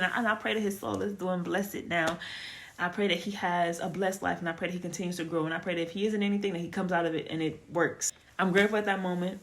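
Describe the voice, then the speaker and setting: A woman giving a casual spoken testimony, telling her story in a chatty, animated way with lots of fillers. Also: lowish voice, fast talker. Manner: animated storytelling, acts out quoted dialogue; chatty with frequent fillers and restarts. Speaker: testimony speaker.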